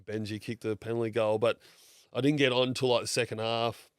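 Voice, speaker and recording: A man's voice: medium pitch, little pitch movement, brisk, clear, resonant tone, no room sound, clean studio sound. An Australian man in his thirties, telling stories in a blokey, casual way, swearing freely and acting out what others said. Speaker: podcast guest. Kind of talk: casual storytelling chat.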